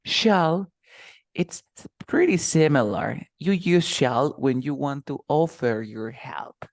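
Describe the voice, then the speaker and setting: A man's voice: a little high, animated, slow, no echo, studio quality. A man teaching English one-to-one online, patiently repeating example phrases.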